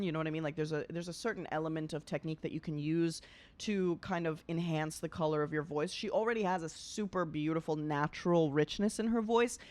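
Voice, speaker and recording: A woman who is an opera singer and vocal coach talks casually as she reacts to a recording. She has a mezzo voice and sings short phrases here and there to show a technique. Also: on the low side.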